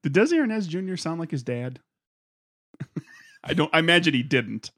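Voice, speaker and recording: A man's voice: fairly high pitch, animated, normal speed, fairly bright tone, no echo, clean studio sound. A man co-hosting a podcast, tossing in wry jokes during casual chat. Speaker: podcast co-host.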